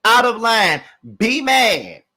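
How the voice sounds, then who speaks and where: High, bright-voiced man ranting. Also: takes it slowly. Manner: profane, animated, talks straight to viewers. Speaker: show recap host. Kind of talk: heated reality TV review rant.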